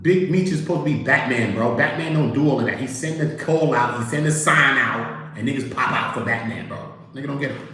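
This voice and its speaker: A man's voice: mid-range voice, a little fast, few pauses, heavy reverb, rough recording. A man hosting a casual livestream, telling stories animatedly, acting out quotes and talking to his chat. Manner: animated storytelling, acts out quotes, talks to chat. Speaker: livestream host.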